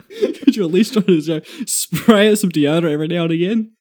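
A man's voice: sits high, fairly quick, darkish tone. A man who is a guest on a casual podcast, joking around and laughing often.

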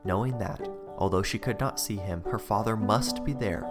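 Deep-voiced man reading a sermon. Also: normal speed, over loud music. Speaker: preacher. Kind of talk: read sermon.

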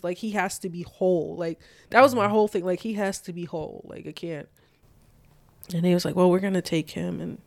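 Young adult guest with a mid-pitched voice, telling a story in loose, filler-heavy speech, dry and close. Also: dry recording. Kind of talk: casual personal storytelling.

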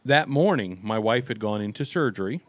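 Speaking a little fast with lively intonation, a man with a lowish voice co-hosts a casual podcast, spinning rambling stories heavy on fillers. The recording is dry.

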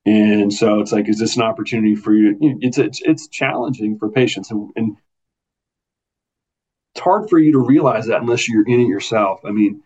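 A man's voice: lowish voice, moderate pace, a little mellow. An American man, a neurosurgeon, talking earnestly in an interview and explaining things step by step with frequent restarts. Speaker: neurosurgeon guest. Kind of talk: conversational interview. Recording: muffled lo-fi audio.

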